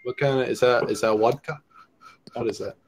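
A man's voice: medium pitch, steady tone, a little fast. A man hosting a casual chat, joking crudely and teasing his guests. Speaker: host.

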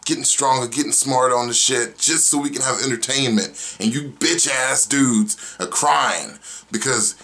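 A man's voice: medium pitch, moderate pace. A young man from Oklahoma hosting his own vlog, ranting casually with lots of swearing and rambling asides. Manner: profane, animated, rambling. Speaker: vlog host. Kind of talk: casual opinion rant.

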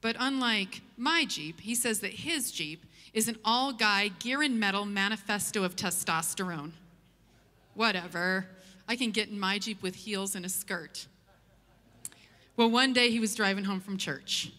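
A woman preaching to a church, telling a story with a light, humorous touch. Her voice is bright and forward, and it rings out with the long reverb of a big church hall. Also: medium pitch. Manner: lively, humorous anecdote telling. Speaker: church speaker. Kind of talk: sermon storytelling. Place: church auditorium.

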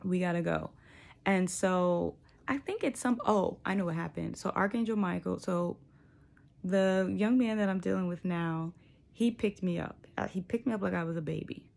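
A woman's voice: lowish voice, normal speed, vocal fry, darkish tone. A young woman telling a personal spiritual story in a casual, reflective way, full of likes and you knows. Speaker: vlogger sharing a spiritual journey.

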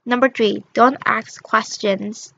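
A woman voicing a bossy schoolgirl bully who gives flat orders in a game roleplay. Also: on the high side, slow pace, vocal fry, lo-fi sound, slight background noise, full character voice.

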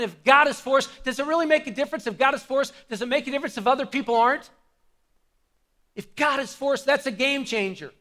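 Male pastor, very high forceful voice, impassioned church sermon. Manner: fervent preaching that swings from hushed to shouted. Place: church service with a congregation.

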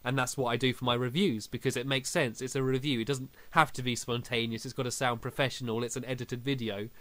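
A man's voice: mid-range voice, flat delivery, fast, a bit bright, no room sound. A young man hosting a casual podcast, telling stories animatedly and laughing often. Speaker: podcast host. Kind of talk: casual chat.

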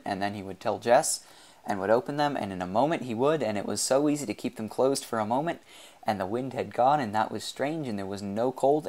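Man reading an audiobook, lowish voice. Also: a little mellow. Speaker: audiobook reader. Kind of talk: audiobook narration.

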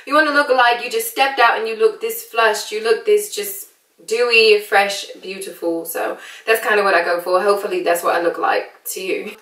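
A woman's voice: medium pitch, steady tone, normal speed, a bit bright. An American woman chatting playfully in a put-on British accent through a casual makeup tutorial. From United States. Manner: playful, chatty, laughs often. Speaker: beauty vlogger. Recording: echoey room, distant mic.

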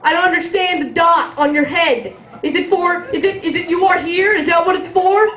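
Pushy rude dude asking nosy stuff, comic putting it on, high and roomy. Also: male voice, normal speed, sharp tone. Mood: prying. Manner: blunt, pushy, prying. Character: rude curious young man questioning a stranger.

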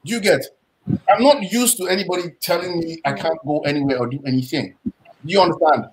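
A man with a Nigerian accent speaks on a live panel, his voice sitting a little higher than most men's. He talks emphatically and proudly, and he tells everyday stories in which he acts out both sides of the exchange. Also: a little fast, a little hiss or hum, poor audio. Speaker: panel guest.

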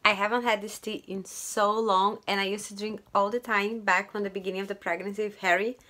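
A young woman at home chatting in a casual daily vlog, excitable and talking straight to her viewers. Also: medium pitch, brisk. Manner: chatty and excitable, often says "you guys" to viewers. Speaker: vlogger, stay-at-home mom.

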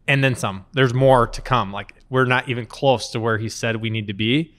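A man's voice: mid-range voice, normal speed. Man in his thirties telling stories. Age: 30s. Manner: lively anecdotal storytelling, acts out quotes. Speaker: company co-founder, interview guest. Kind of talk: conversational storytelling.

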